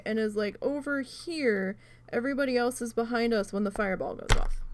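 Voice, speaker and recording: A woman telling a story in a casual chat while crafting, animated and swearing often. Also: on the high side, slight background noise. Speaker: channel host.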